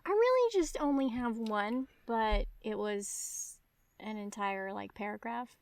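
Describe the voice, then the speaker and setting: Slow-spoken, higher-voiced British woman. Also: lively intonation, no room sound. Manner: laughs easily, short agreeing replies. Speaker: podcast co-host. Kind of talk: casual book chat.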